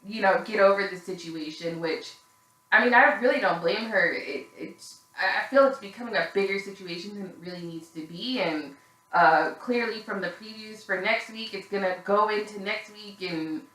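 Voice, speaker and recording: A woman's voice: medium pitch, normal speed, fairly bright tone, roomy sound, rough recording. A woman casually recapping a reality show, candid and gossipy, swearing freely with plenty of fillers, sounding a little tired.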